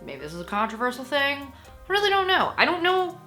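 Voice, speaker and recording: Bright-voiced, chatty woman reviewing books. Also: high-pitched, fairly quick, soft background music. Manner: chatty, animated, laughs often, many fillers. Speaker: book reviewer. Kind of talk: casual vlog book review.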